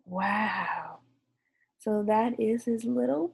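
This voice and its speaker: Slow, gentle woman teacher reading aloud. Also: medium pitch, vocal fry, slightly rough. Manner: slow, gentle and encouraging, with questions to the class. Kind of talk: reading a picture book aloud to young students.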